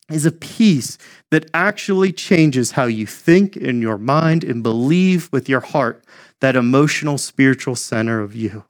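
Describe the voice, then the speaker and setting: Casual pastor preaching. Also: male voice, medium pitch. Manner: conversational preaching, folksy asides. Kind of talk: sermon.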